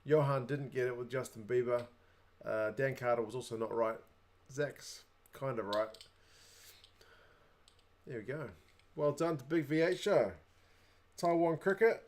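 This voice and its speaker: A man's voice: mid-range voice, measured pace, long pauses. Chatty New Zealand man hosting a stream. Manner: chatty, reads viewer comments aloud. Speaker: livestream host. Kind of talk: casual livestream chat.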